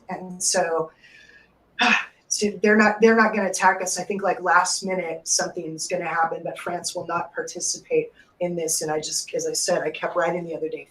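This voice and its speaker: A woman's voice: on the low side, fairly even intonation, normal speed, a bit bright. A woman hosting a live call-in radio show, talking in an emotional, rambling way and swearing freely. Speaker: psychic radio host. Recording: echoey room, distant mic.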